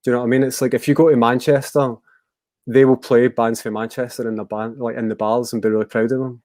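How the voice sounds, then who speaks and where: A man's voice: mid-range voice, flat delivery, fast, warm tone, dry recording. A man with a West of Scotland accent, a musician guest talking casually in a rambling, hesitant way with many fillers. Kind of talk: casual interview chat.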